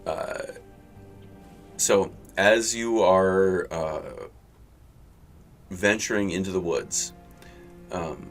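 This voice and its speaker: Halting low-voiced man as game master. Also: soft background music. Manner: halting, full of fillers. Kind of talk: narrating a tabletop game.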